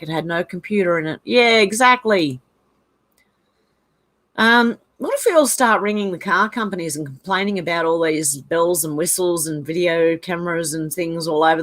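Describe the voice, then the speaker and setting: A woman's voice: lowish voice, fairly bright tone. An Australian woman hosting a casual livestream, reading viewers' comments aloud and chatting about them with frequent laughs. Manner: chatty, reads chat messages aloud, laughs often. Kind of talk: casual live-chat.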